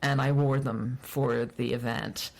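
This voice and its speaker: A woman's voice: extremely low pitch, steady tone, measured pace, vocal fry. A woman from Baltimore, a music journalist and podcast guest, chatting and reminiscing in a casual way with frequent restarts. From Baltimore, Maryland. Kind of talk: casual conversation.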